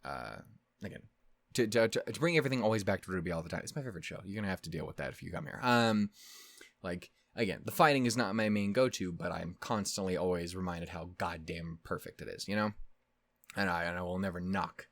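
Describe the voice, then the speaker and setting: A man's voice: deep voice, fast talker, a bit bright, no room sound. A young man talking casually about a show he just watched, rambling and swearing, breaking off often and laughing at himself. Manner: rambling, profane, self-interrupting, laughs often. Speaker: reaction channel host. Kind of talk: casual reaction commentary.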